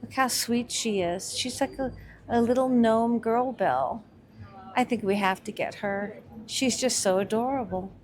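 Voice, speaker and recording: A woman's voice: on the high side, unhurried. A woman giving casual, enthusiastic commentary while shopping at a winter market and admiring the crafts. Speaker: vlog co-host shopping a market.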